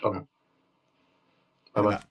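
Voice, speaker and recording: A man talking to a stranger on a video chat, joking and talking quickly while trying to get away. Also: muffled recording. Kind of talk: casual video-chat banter. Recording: distant through a video call.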